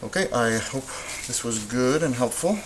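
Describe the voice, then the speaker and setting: A man's voice: medium pitch, animated, moderate pace, background noise. A man teaching a lesson at a whiteboard, explaining step by step in a patient way and stopping to correct himself. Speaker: Spanish teacher.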